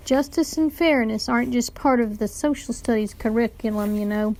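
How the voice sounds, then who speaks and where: A woman's voice: on the high side, moderate pace, a little mellow, lightly acted. A woman reading a grumpy, burned-out middle-aged male teacher in a story read aloud. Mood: stern.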